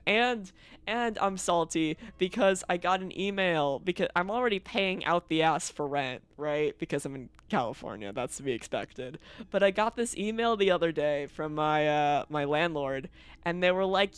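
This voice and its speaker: A game streamer talking loosely to a live chat, swearing freely and breaking into laughs between complaints. The voice is smooth and clean, recorded close on a streaming mic in a dry space with no room sound. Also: medium pitch, lively intonation, normal speed, dry recording.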